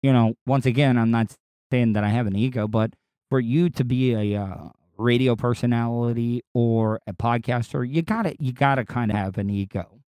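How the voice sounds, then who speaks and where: On his own podcast, a radio personality delivers a casual solo monologue in a distinctive, not-deep voice. He rambles crudely and candidly, often restarting, at a moderate pace with a darkish, clean tone in a dry recording.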